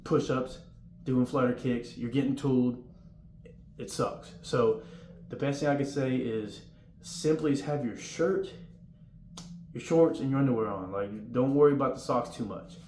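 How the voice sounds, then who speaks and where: A young man talks in a loose, rambling way as he gives advice about basic training, sometimes acting out the yelled commands. His voice sits at a middle pitch. The room is roomy and echoey, with a faint hum behind him. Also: unhurried, long pauses. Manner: rambling, informal, acts out drill yelling. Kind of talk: casual advice vlog.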